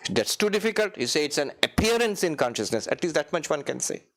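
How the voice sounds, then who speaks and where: Here the same kind of speaker, a monk leading a retreat talk in a meditation hall, moves quickly. His animated voice rises and dips widely, broken by chuckles and chanted Sanskrit verses.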